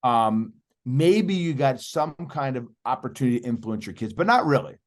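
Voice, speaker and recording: A man's voice: medium pitch, expressive, normal speed. Emphatic man explaining with energy. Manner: emphatic, persuasive, addresses host by name. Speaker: podcast guest, youth speaker. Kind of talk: animated interview talk.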